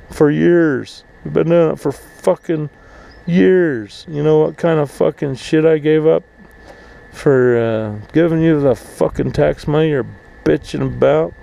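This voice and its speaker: Slow, gravelly man for an angry, swear-heavy outdoor rant. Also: on the high side, dark tone, poor audio. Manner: angry, swearing, mocking voices. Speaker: vlogger, full-time RVer. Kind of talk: profane rant to camera. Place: outdoors at an RV park.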